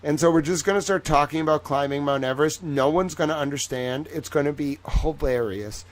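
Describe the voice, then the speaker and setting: A man's voice: a little high, brisk. A tired young man hosting a late-night live stream, rambling playfully and chatting with viewers by name.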